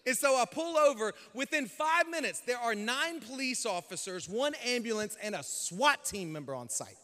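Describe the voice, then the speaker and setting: A male pastor telling a story in a sermon, animated and acting out dialogue with sudden shouts. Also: extremely high pitch, normal speed, hardly any pauses. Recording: long hall reverb.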